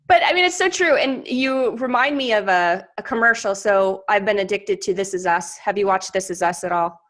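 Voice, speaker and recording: A woman's voice: mid-range voice, moderate pace, a bit bright. A woman hosting a podcast, chatty and enthusiastic in casual conversation. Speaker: podcast host.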